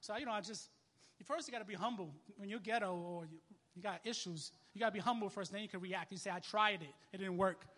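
A young man preaching a sermon as a minister, telling a story in casual, animated street talk. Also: high-pitched, quick pace, long reverb tail.

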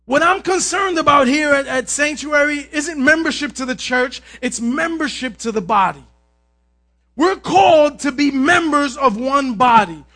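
Man, pastor, energetic sermon, high voice, frequent shouting. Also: measured pace, faint music behind. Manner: energetic preaching, often shouting; asks the congregation "Amen?".

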